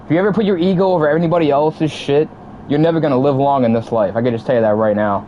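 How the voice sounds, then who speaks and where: A man's voice: on the high side, fast talker, muffled recording, a little hiss or hum. A young man in his twenties venting casually to his stream chat, heated and profane, repeating himself as he talks. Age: 20s. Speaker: livestream gamer.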